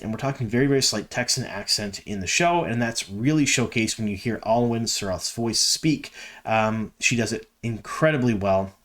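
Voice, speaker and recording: A man's voice: on the low side, fairly bright tone. Chatty enthusiastic man from Canada. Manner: chatty and enthusiastic, many ums. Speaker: fan video host. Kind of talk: casual fan commentary.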